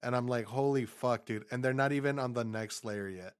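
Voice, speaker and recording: A man's voice: mid-range voice, a little fast, smooth. A man in casual podcast chat with a friend, laid-back and swearing often. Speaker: podcast co-host.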